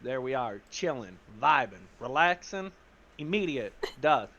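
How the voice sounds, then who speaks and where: Animated slangy man recapping a game. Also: medium pitch, unhurried, dull audio. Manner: casual slang, acts out the characters. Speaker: tabletop game player recapping a session.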